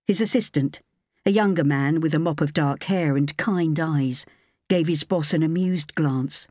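A woman reading a novel aloud as an audiobook narrator, in measured storytelling. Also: low voice, a little mellow, no echo, clean studio sound. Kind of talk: scripted narration.

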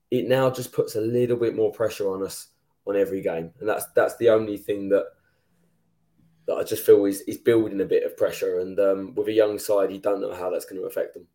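A man's voice: lowish voice, mellow. A man co-hosting a football podcast, joking and breaking down the run-in in casual chat. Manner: joking, analytical. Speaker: podcast co-host.

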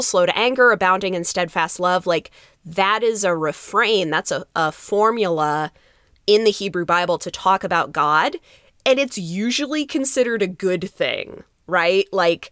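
A woman pastor co-hosting a podcast, chatting in an animated way, laughing easily and acting out quotes. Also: fairly low pitch, measured pace, clear, resonant tone, no echo, studio quality. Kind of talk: casual chat.

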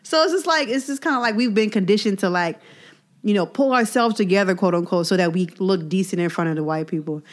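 A woman's voice: medium pitch, fast talker. Candid woman podcast co-host. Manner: relaxed and candid, many "like" and "you know" fillers, searches for words. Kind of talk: casual chat.

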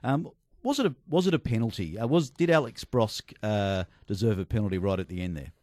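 Relaxed Australian male radio host. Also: on the low side, a little fast, no echo, clean studio sound. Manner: relaxed, chatty, laughs easily. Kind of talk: casual sports radio hosting. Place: radio studio.

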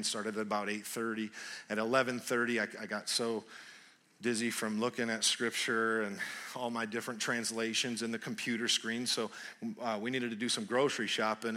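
Bright-voiced, animated male pastor. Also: lowish voice. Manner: animated, swings between loud bursts and quiet prayer; frequent restarts and laughter. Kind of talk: sermon with personal storytelling.

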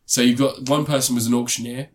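Casting: male co-host, casual rambling reviewer, mid pitch, loose chatty delivery. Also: fairly even intonation, fast talker. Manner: rambling, frequent ums and restarts.

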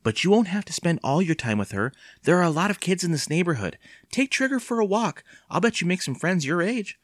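A man lifts his voice into an anxious mother who coaxes and pleads, with a sharp edge now and then. Her pitch swings widely, and the sound is dry and close. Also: sing-song, fairly quick, no room sound. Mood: coaxing. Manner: pleading, coaxing, sometimes sharp. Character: anxious, stern mother, middle-aged woman.

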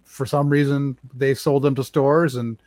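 A man's voice: medium pitch, unhurried, dry recording. A man who runs a record label, telling stories in a rambling casual chat with many fillers. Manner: rambling, animated, acts out quotes with many fillers.

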